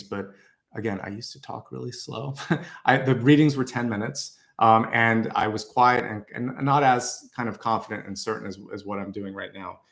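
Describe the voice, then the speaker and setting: A man's voice: medium pitch, creaky. Confident man giving a tarot reading. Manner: confident, encouraging, conversational with fillers. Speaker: tarot reader.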